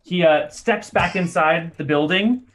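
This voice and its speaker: A man narrating as game master, describing scenes in an easygoing, lively way. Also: a little high, unhurried.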